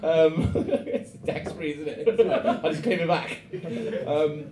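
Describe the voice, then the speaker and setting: A man's voice: on the high side, steady tone, slow, roomy sound, crowd noise. A man from Britain hosting a podcast, telling a story in rambling, giggly casual chat. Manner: rambling, giggly, lots of fillers. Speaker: podcast host.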